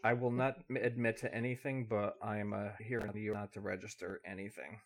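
Low-voiced New York man with short remarks. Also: flat delivery, brisk. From New York State. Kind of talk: casual podcast chat.

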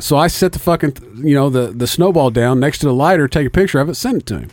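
Guy ranting a cussing story real fast, dry close sound. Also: on the high side, dry recording. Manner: profane, animated storytelling. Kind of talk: casual storytelling chat.

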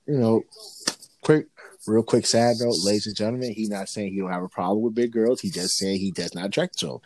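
A man in casual chat, telling profane, animated stories as a co-host. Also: lowish voice, a little fast, background noise. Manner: animated, profane, lively storyteller.

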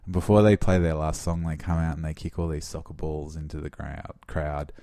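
Deep-voiced Australian man rambling casually. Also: little pitch movement, fairly quick, mellow, dry recording, studio quality. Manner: rambling, laughs often, many fillers. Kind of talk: casual chat.

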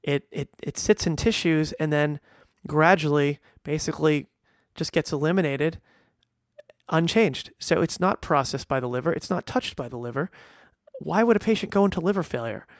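A man's voice: fairly high pitch, normal speed, dry recording, clean studio sound. A middle-aged man, a veterinarian, talking casually and earnestly, stressing points with restarts and fillers. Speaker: veterinarian and podcast host. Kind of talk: casual monologue.

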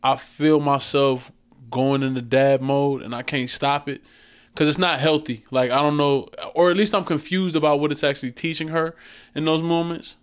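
Guy in his 30s chatting on a podcast, smooth kinda high voice, acts out the dialogue. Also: normal speed. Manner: animated storytelling, acts out voices and laughs a lot. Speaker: podcast co-host. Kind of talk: casual chat.

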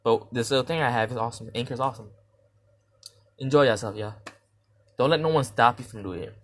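A young guy telling a dream on his debut podcast episode talks a bit fast, casual and meandering, using slang and restarting sentences. Performing his reactions as he goes, he swings abruptly between high, loud yelling and low muttering.

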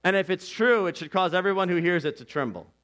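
A man preaching a sermon as pastor, earnest and conversational, swinging from loud declarations to hushed asides. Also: sits high, animated, fast talker. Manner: earnest and conversational, with "like" and "you know".

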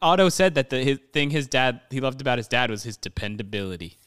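A man's voice: medium pitch, fast talker, clean tone, no room sound, studio quality. A man co-hosting a movie review podcast, chatting casually, swearing often and laughing as he rants. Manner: swears a lot, laughs often, animated ranting. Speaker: podcast co-host.

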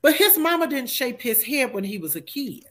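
A woman's voice: high-pitched, very animated, normal speed. A woman co-hosting a podcast, telling dramatic stories in casual chat and acting out what people said. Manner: dramatic storyteller, acts out quotes. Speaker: podcast co-host.

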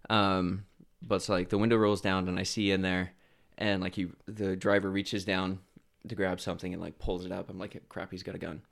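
Young man from idaho, very deep voice, gravelly, relaxed storyteller. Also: normal speed, hardly any pauses. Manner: relaxed, laughs while telling stories, many fillers. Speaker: guest. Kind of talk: casual storytelling.

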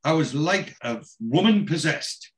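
A man's voice: fairly high pitch, animated, unhurried, pitched above the performer's own voice. A man putting on the voice of a cheeky, gossipy middle-aged woman on holiday, retelling her lines in a breezy, sing-song way. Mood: gleeful.

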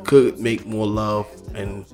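A man's voice: lowish voice, level tone, slow, dark tone, faint music behind. Laid-back, agreeable man co-hosting a podcast. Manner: laid-back, agreeable, lots of short backchannels. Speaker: podcast co-host. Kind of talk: casual podcast chat.

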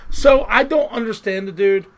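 A man with a high voice co-hosts a casual podcast chat. He tells his stories in a rambling, animated way, with plenty of fillers and restarts along the way. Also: moderate pace, rough recording. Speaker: podcast co-host.

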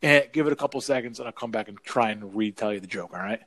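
A man co-hosting a podcast, rambling through a joke in casual chat, halting with restarts. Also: lowish voice, a bit bright. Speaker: podcast co-host.

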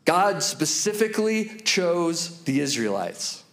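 A man in his thirties preaching a sermon to his church, telling stories and slowing down to repeat key lines for emphasis. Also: fairly high pitch, very animated, fairly bright tone. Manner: storytelling with slow, emphatic repetitions. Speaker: pastor.

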